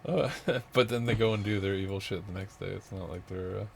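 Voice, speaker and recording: A man's voice: sits low, steady tone, brisk, creaky. A man ranting in a rambling monologue, out of breath, restarting often and laughing bitterly between thoughts. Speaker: vlogger. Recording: noisy background with vehicle sounds.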